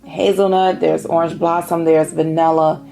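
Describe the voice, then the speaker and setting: A middle-aged woman from Indiana chatting casually about perfumes on her vlog, savoring each scent in drawn-out phrases. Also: low voice, flat delivery, vocal fry, dark tone, faint music behind. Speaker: fragrance vlogger.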